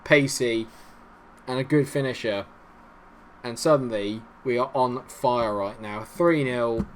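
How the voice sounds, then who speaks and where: Excitable man commentating a game. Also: medium pitch, unhurried. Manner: animated, swings from excited cheering to grumbling. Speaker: gaming YouTuber.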